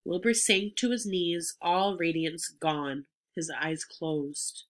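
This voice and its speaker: A woman reading a children's storybook chapter aloud, expressive and clear. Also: fairly low pitch, slow. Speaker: reader.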